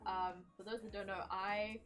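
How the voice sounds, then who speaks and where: A woman chatting casually in a lively, laughing way, swearing now and then. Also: medium pitch, moderate pace, soft background music. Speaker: cosplayer. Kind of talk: casual chat.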